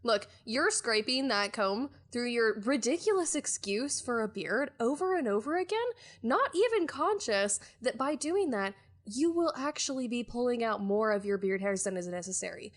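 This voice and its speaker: A woman voicing a blunt female adventurer who lectures and scolds in a raised, higher voice. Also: animated, moderate pace. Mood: scolding.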